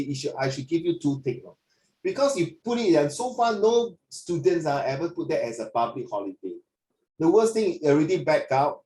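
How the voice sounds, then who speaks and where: Playful, teasing teacher, higher voice. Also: male voice, warm tone, rough recording. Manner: playful, teasing, calls student "my dear". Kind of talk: online lesson.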